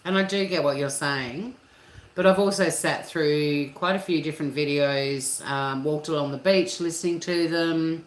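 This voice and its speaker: An Australian woman with a low voice talks casually to viewers from her kitchen, laughing easily and dropping the odd swear word. Her voice bounces around an echoey room. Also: expressive, normal speed. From Tasmania, Australia. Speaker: livestream host. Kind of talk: casual chat reading viewer comments. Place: home kitchen.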